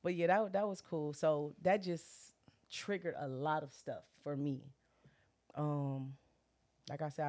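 A middle-aged woman casually telling a personal story, animated, full of slang and acted-out quotes. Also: low-pitched. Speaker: guest sharing her story. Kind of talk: candid casual chat.

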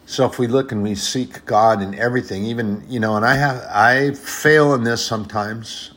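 A man's voice: mid-range voice, fairly even intonation, normal speed, fairly bright tone. A man preaching an informal sermon in an earnest, conversational way, often repeating phrases and addressing brothers and sisters.

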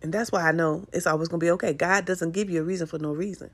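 A middle-aged woman talks casually to her podcast listeners, her voice low-set and full of vocal fry. She is encouraging and affectionate, calling listeners honey and coming back to the same reassuring phrases again and again. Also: steady tone, rapid-fire. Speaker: podcast host. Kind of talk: casual motivational talk.

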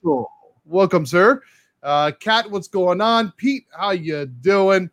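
Brief: excitable male co-host, slightly high-pitched, dry close sound, casual live chat. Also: a little slow, dry recording. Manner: excitable, chatty, says "dude" and "man" a lot. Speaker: co-host reading live comments.

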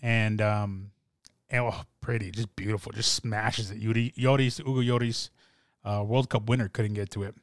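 A young man talking in a rambling, excitable way with many fillers and restarts, as in casual chat. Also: lowish voice, normal speed, no room sound, clean studio sound. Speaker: soccer fan podcaster.

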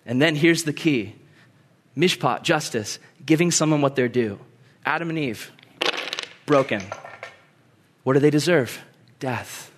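A young man preaching a sermon in an animated way, acting out quoted voices and laughing easily. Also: fairly high pitch, a little slow, long pauses, slight background noise. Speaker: pastor.

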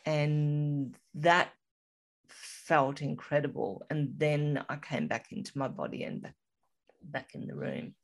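A woman with a low, unhurried voice tells a personal story as an interview guest. She speaks softly and reflectively, letting her sentences trail and pause. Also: lively intonation, vocal fry. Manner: slow, reflective, soft-spoken storytelling.

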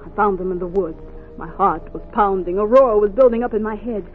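A woman's voice: medium pitch, brisk, loud music behind the voice, lightly acted. An actress playing a determined young enslaved woman fleeing north, who also narrates in an earnest, defiant manner in an old radio drama. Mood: tense. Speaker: narrator and lead. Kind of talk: 1950s radio drama acting. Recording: tinny old radio recording.

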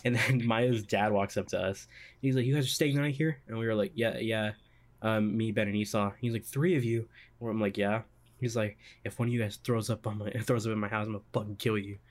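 A man hosting a podcast, telling a story in a halting, rambling way full of fillers and restarts. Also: lowish voice, steady tone. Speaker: podcast host. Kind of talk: casual storytelling chat.

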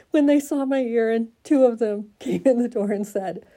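A woman's voice: fairly high pitch, warm tone. A tired, stressed woman from Oregon telling a rambling, self-mocking story to her viewers, breaking into laughter often.

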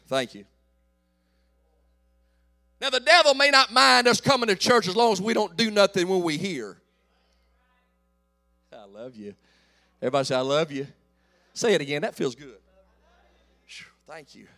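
High bright preacher, near fifty. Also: male voice, lively intonation, normal speed, pauses often, faint music behind. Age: 40s. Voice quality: folksy. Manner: call-and-response preaching, rising to shouts. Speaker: pastor. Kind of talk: sermon.

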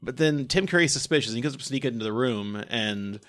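A man's voice: medium pitch, brisk, a bit bright. A man co-hosting a movie podcast, chatting casually, swearing and acting out characters as he recaps scenes. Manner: profane, acts out characters in quotes. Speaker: podcast co-host.

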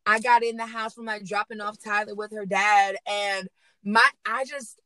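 A woman hosting a casual podcast interview, lively and slangy, laughing often. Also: mid-range voice, normal speed, no room sound, low-quality recording. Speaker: podcast host and baker.

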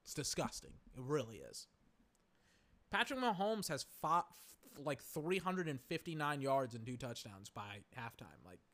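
With a medium-pitched, sing-song voice that's fairly bright and a little slow, a young man hosts a podcast from his home recliner. He talks his way through a game live, rambling, exasperated, swearing and full of filler words.

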